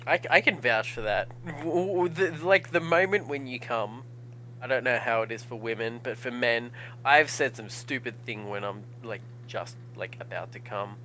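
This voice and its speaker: A man's voice: medium pitch, normal speed, sharp tone, slight background noise, poor audio. A young Australian man co-hosting a podcast, talking crudely and rambling with self-mocking asides. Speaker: podcast co-host. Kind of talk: crude casual chat.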